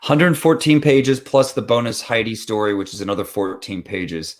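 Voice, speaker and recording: A man chatting excitedly on a video call with friends, laughing often and telling stories in a quick, rambling way. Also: fairly low pitch. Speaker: comic creator. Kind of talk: casual group chat on a live stream.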